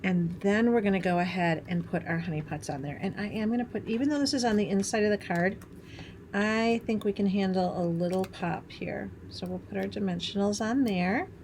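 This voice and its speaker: A woman's voice: medium pitch, a little fast, a little mellow, a little hiss or hum. A middle-aged woman from Wisconsin hosting a craft tutorial, chatting in a bubbly way as she works and laughing at herself. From Wisconsin, USA. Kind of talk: chatty hands-on craft demonstration.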